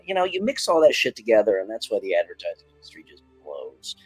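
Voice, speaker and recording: A man in his forties chatting casually on a podcast, animated and quick to laugh, swearing freely. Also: mid-range voice, husky, no room sound, faint music behind. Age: 40s. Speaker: podcast co-host and game master.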